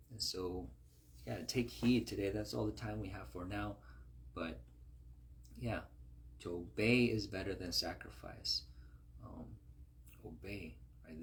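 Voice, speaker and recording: A man reading scripture aloud and explaining it in a conversational way, often checking in with his listeners. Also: deep voice. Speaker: Bible teacher.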